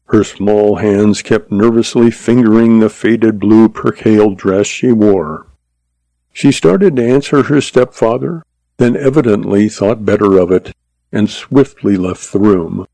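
A man reading a Western story aloud as narrator, in steady, measured storytelling. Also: lowish voice, creaky, no room sound, rough recording. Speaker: audiobook narrator.

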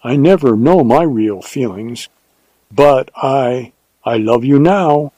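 A man's voice: medium pitch, takes it slowly, dark tone, no echo, poor audio. A man reading an audiobook, voicing a spirited, imperious young woman in a raised, lilting voice. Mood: earnest.

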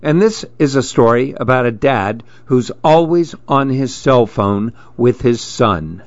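A man reading children's picture books aloud, gently lifting his voice for the children's lines. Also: medium pitch, unhurried, dry recording, highs cut off. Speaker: storybook reader.

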